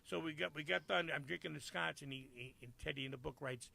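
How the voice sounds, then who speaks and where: An older man, a comedian guest telling a profane, animated story in casual chat. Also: fairly high pitch, fast talker, gravelly.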